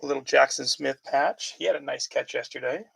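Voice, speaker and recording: A man's voice: mid-range voice, a little fast, vocal fry, a bit bright, breathy edge, poor audio. A man hosting a live sports card break, chatting casually and calling out player names as he opens packs. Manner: chatty, calls out player names while reading questions from viewers.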